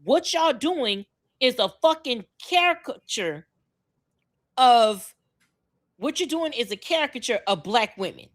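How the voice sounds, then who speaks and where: A woman's voice: on the high side, animated, a little slow, long pauses. A woman with a Miami accent, co-hosting a podcast in a blunt, profane, emphatic rant. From Miami, Florida. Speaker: podcast co-host.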